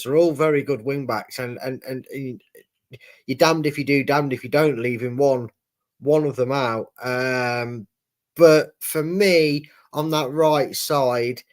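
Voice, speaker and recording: Chatty man hosting a fan stream. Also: a little high. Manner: chatty, reads viewer messages aloud with many fillers. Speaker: fan channel host reading chat. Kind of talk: casual live watchalong chat.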